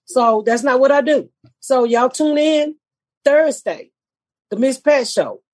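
A woman's voice: high-pitched, takes it slowly, darkish tone, no echo. A woman hosting a podcast, talking bluntly and profanely in a brash, casual way. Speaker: podcast host.

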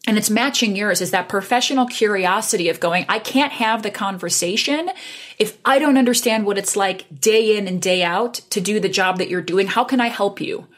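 A woman in tech sales telling an animated story in casual conversation and acting out the dialogue. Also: mid-range voice, normal speed. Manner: animated, acts out quoted dialogue with laughs.

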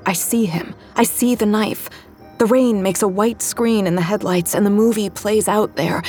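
A woman's voice: mid-range voice, darkish tone. A woman narrating a novel in the first person, with tense, vivid storytelling. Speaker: audiobook narrator.

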